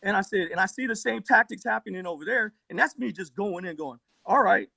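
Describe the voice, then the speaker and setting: A man with a fairly high voice and a rough, gravelly texture, breathy around the edges, talks into his phone during a live argument. He swears constantly and rambles, circling back through his story. The sound is close and dry. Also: fairly quick, bright, forceful tone, dry recording. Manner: profane, rambling, worked-up storytelling. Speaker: livestream debate participant. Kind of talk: heated live-stream argument.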